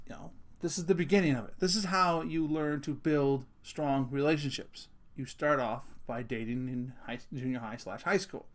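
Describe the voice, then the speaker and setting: A middle-aged man, a father, ranting casually to camera in an animated, emphatic way, with sudden loud bursts and casual swearing. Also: mid-range voice. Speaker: vlogger, father.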